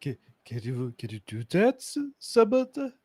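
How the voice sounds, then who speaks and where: A man's voice: mid-range voice, huge pitch swings, moderate pace, darkish tone, dry recording. A man as a player in a tabletop role-playing game, speaking hesitantly and repeating words. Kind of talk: casual game talk in English.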